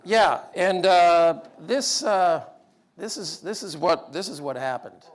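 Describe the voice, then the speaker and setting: A middle-aged man with a high voice speaks at a slow pace in a humorous storytelling talk. He's animated, acting out the dialogue in a raised voice.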